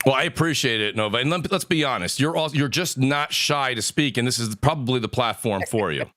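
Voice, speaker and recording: A man hosting a live gaming podcast panel, introducing guests with energetic hype. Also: medium pitch, fairly quick. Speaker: podcast host. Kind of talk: casual panel show hosting.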